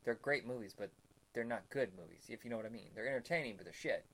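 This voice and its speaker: A man hosting a casual podcast, excitable and swearing freely, laughing often. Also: mid-range voice, fast talker. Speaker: podcast host.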